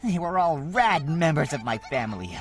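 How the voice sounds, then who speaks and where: A streamer voicing a young heroine who loudly defends her family of monsters. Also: mid-range voice, sing-song, normal speed, soft background music, natural voice. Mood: defiant. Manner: loud, defiant.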